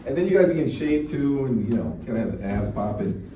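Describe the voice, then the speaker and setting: A man's voice: mid-range voice, big pitch swings, fast, warm tone. A man doing a rambling, crude stand-up set with frequent restarts and fillers. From United States. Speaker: stand-up comedian. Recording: echoey room mic from a distance, faint noise.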